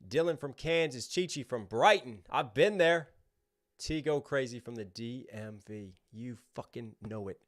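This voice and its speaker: A man's voice: mid-range voice, expressive, measured pace. A young man hosting a livestream, chatting casually and reading out viewer names and donations. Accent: American.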